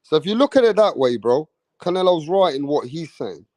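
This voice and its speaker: On a dry recording, a very animated young man with a fairly high voice talks a little fast while reading out comments from his livestream viewers. His manner is brash and slangy, full of swearing and loud moments of hype.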